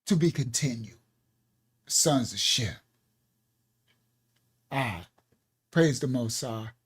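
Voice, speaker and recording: A man's voice: mid-range voice, animated, takes it slowly, breathy edge. A man leading an online Bible lesson as pastor, talking in a loose, repetitive way with laughing asides.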